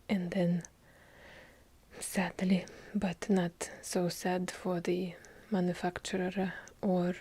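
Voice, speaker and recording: Female ASMR host, heavy Russian accent, slow close-mic whisper, slightly low, breathy, rambling and playfully deadpan. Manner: rambling, easily sidetracked, playful mock-serious. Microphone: handheld field recorder, close.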